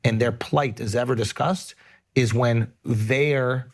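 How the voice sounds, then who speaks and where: A man's voice: mid-range voice, steady tone, takes it slowly. A man hosting a podcast, talking in an earnest, emphatic way with frequent swearing. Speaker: podcast host. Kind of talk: casual podcast chat.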